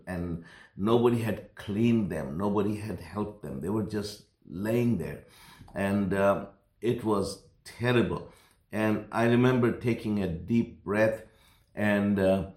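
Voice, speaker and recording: A pastor telling a personal story in a sermon, earnest and rambling, building in intensity. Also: male voice, fairly low pitch, darkish tone, roomy sound.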